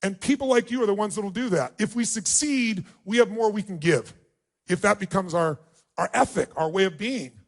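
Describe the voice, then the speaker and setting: A man giving a motivational speech, telling a personal story with emphatic, emotional delivery. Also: normal speed. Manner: emotional, emphatic storytelling with big pitch swings. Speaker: motivational speaker.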